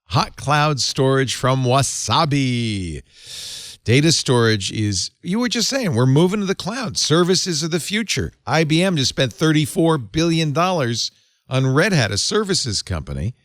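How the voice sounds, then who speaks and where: A man's voice: fairly high pitch, unhurried, no room sound, studio quality. A middle-aged man hosting a tech panel show, chatting casually with laughs and reading ads. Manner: animated, conversational, laughs often. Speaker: show host. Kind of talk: casual panel chat and read advertisement.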